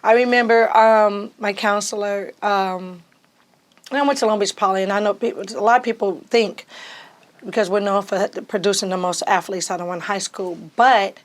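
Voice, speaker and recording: A woman from California, a podcast guest telling lively stories and acting out the voices in them. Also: mid-range voice, normal speed. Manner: animated, acts out voices in her stories. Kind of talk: casual storytelling.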